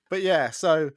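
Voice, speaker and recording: A man's voice: on the high side, no room sound, clean studio sound. A middle-aged man from England with an East Midlands accent, hosting a podcast in casual interview chat, talkative and laughing often. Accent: East Midlands English. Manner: chatty, laughs often, animated asides. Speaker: podcast host.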